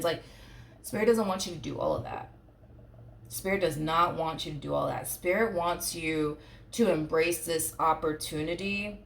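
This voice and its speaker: Low-voiced chatty woman reading tarot. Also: a little hiss or hum. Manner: chatty, repetitive, reassuring, fillers like "you know what I mean". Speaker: tarot reader. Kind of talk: casual tarot reading to camera.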